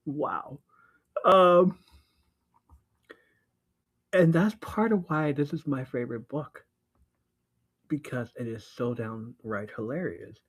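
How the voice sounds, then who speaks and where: A man hosting a podcast, casually recapping a book, excitable and laughing often, swearing freely. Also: mid-range voice, slow, pauses often, poor audio. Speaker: podcast host.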